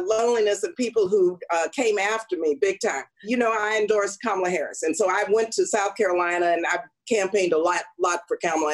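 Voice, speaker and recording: A woman's voice: mid-range voice, low-quality recording. A woman politician speaks as an interview guest in a mid-range voice. She recounts her experiences earnestly and leans on key points with emphasis. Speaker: congresswoman, guest. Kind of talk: conversational interview.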